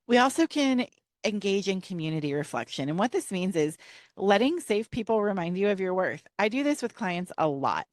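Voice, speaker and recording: A woman therapist giving a conversational, encouraging faith-based talk on trauma healing, sometimes slowing to a gentle, calm delivery. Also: lowish voice, dry recording, studio quality. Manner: conversational and encouraging, with frequent "right?" and "you know".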